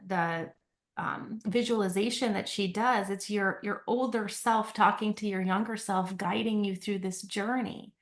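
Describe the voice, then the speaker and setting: Reflective woman guest, earnest, mid-pitched. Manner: reflective and earnest, often ending with a questioning "right?". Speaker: podcast guest, company CEO. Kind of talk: conversational podcast interview.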